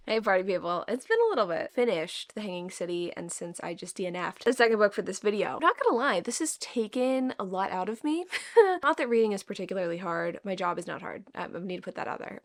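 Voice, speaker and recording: A woman's voice: medium pitch, lively intonation, fairly quick, gravelly. Candid swearing Southern woman book vlogger. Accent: Southern US country. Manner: candid, swears freely, lots of fillers. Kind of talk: casual chat.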